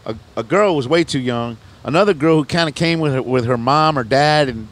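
A man's voice: medium pitch, a little fast. A middle-aged man, a rapper, telling a long story in a casual interview, rambling in loose slang, restarting sentences and often asking "you know what I'm saying". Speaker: rapper guest on a podcast.

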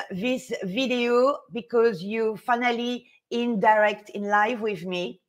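A woman, a fashion stylist chatting casually with viewers on a live stream, excitable, nervous and laughing often. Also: on the high side, unhurried, few pauses.

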